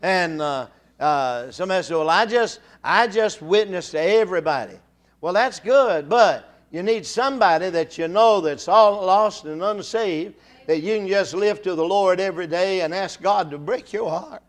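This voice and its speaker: Speaking from the pulpit, an older man with a drawl and a somewhat high-sitting voice preaches a sermon. His halting restarts, repeated words, and small fillers eventually give way to fervent, stirring appeals to the congregation.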